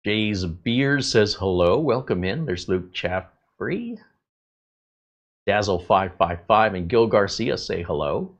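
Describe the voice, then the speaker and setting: A man hosting a live tech channel stream, greeting viewers in a relaxed, chatty way with many filler pauses. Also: on the low side, highs cut off.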